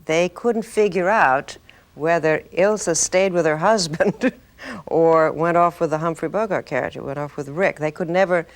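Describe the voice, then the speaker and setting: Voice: mid-range voice, moderate pace. An interviewee recalling a film production in an amused, chatty way. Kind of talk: interview recollection.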